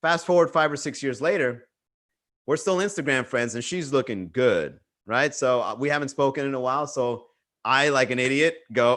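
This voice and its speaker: A man's voice: medium pitch, moderate pace, fairly bright tone. A man doing stand-up storytelling on a virtual livestream, rambling and profane, with frequent restarts and chuckles. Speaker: stand-up comedian.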